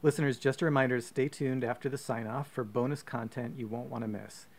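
Podcast host, man, gravelly fry, mid pitch, playful storytelling. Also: fairly even intonation, a little fast. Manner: playful, self-mocking, laughs often. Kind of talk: comic storytelling.

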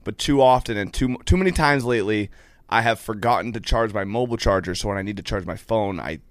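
A man's voice: lowish voice, fast talker, dry recording, studio quality. A young man on a podcast, defending himself and rambling through a story about his phone charger. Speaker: podcast regular. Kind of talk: casual chat.

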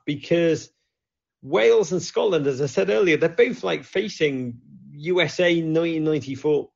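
An excitable man hosts a call-in football show, his raised voice grainy and gravelly. He jokes constantly and drops from loud bursts to hushed asides. The sound is a bit dull and lo-fi. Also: a little high. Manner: animated, joking, swings from loud to hushed. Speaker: host. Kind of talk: lively football chat show with callers.

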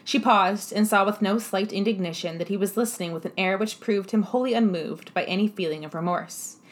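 A woman narrating a period novel in a measured, expressive reading voice. Her pitch is middling for a woman, neither high nor low. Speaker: audiobook narrator. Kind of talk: scripted narration.

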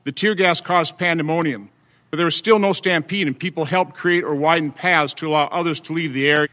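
Bright-voiced man reading into a record. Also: a little high. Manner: measured, halting with fillers. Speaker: senator at a hearing.

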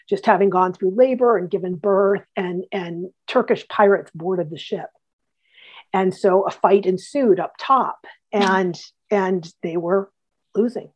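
A woman guest on an interview, telling history anecdotes in a lively way with many restarts. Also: mid-range voice, dull audio. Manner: animated, acts out quotes, many restarts. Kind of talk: casual storytelling.

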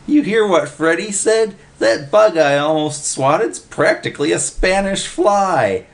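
A man's voice: high-pitched, animated, unhurried, gravelly, voice pushed up, exaggerated voice. A man voicing a whiny, gullible male park bum in a storybook reading. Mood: excited. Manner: whining, gullible, slangy.

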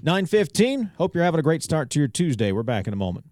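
A man's voice: fairly high pitch, big pitch swings, quick pace, a little mellow, no room sound. A man hosting a local talk radio show, reading headlines and commenting in a conversational way with wry asides. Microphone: studio microphone. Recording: dry studio sound.

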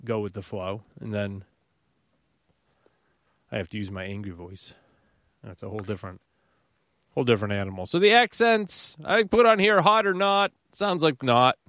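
A man's voice: medium pitch, moderate pace, pauses often, no room sound. A man co-hosting a podcast with his wife, chatting casually, joking and swearing freely. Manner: animated, swears casually, jokey. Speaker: podcast co-host. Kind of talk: casual chat.

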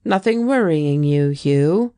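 A woman's voice: deep voice, expressive, slow pace, dark tone, smooth, no room sound, clean studio sound. Genial bank president, as a woman reads him. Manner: genial, reassuring.

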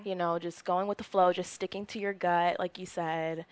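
A woman's voice: lowish voice, level tone, normal speed. A young woman hosting a podcast, asking questions and affirming her guest in a supportive way. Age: young adult. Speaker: podcast host. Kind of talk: casual interview.

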